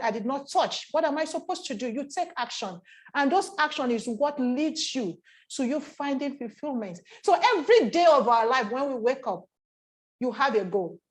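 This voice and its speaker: A woman's voice: sits high, darkish tone. A woman giving a motivational talk, repeating phrases and asking rhetorical questions. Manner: repetitive, rhetorical questions, acts out inner voices. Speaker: speaker on emotional intelligence.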